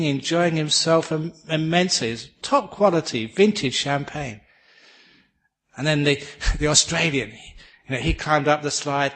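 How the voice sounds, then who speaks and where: English man giving a humorous dharma talk. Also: on the high side. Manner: gentle, humorous storyteller who laughs at his own jokes. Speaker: Buddhist teacher.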